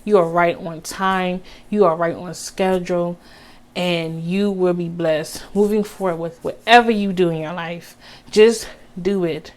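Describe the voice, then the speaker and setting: In a heartfelt personal vlog, a young woman speaks a little slowly in a lowish, mellow, steady voice. She sincerely encourages viewers, calls them "baby," and slips in Southern expressions such as "y'all."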